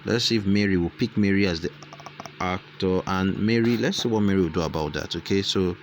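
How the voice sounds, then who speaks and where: A man's voice: sits low, a little fast, slight background noise. A man hosting a casual screen-recorded tutorial, thinking aloud and repeating his phrases as he dictates lines and punctuation. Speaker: tutorial host.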